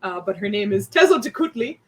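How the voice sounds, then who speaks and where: A woman's voice: medium pitch, lively intonation, a little fast, poor audio. A woman running a tabletop game as its game master, narrating with frequent laughs and fillers. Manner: giggly, lots of fillers.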